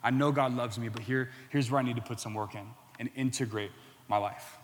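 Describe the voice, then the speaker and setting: A man's voice: medium pitch, fairly even intonation, fairly quick, in a large hall. A man preaching a sermon in an earnest way that builds to impassioned emphasis.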